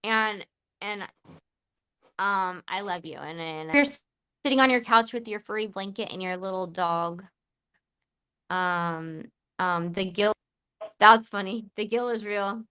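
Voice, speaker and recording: A woman's voice: mid-range voice, unhurried, sharp tone, clean tone. A woman hosting a live podcast, chatting casually in a rambling, emotional, giggly way. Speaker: podcast host.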